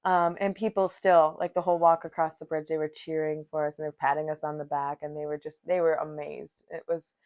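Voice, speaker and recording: A woman's voice: low voice, flat delivery, fairly quick, hardly any pauses, darkish tone. A woman hosting a podcast, telling a rambling, profane story in casual talk. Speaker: podcast host, yoga teacher. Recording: dull lo-fi recording.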